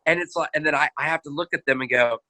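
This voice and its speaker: A man chatting on a podcast, telling animated stories, acting out quotes and laughing often. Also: a little high, rapid-fire. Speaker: podcast host; marriage counselor. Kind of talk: casual podcast chat.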